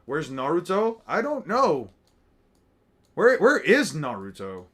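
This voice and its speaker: A man with a slightly high voice talks loosely and profanely. He rambles and mutters names to himself as he reacts, in an offhand, unscripted way. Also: huge pitch swings, takes it slowly, fairly bright tone, slightly rough. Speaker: streamer reacting to artwork. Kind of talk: casual commentary.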